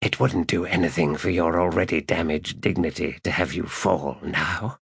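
A man voicing a cold, controlled stranger who threatens an assassin in an audiobook, in a raspy near-whisper. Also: sits low, fairly even intonation, normal speed, no room sound, studio quality, heavily acted. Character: menacing mysterious male stalker, cold and controlled. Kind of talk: audiobook narration.

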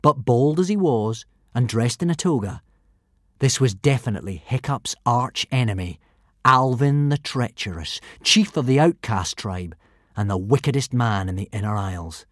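A man narrating a children's adventure audiobook in an expressive, animated reading. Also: medium pitch, moderate pace, dry recording, clean studio sound. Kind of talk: storybook narration.

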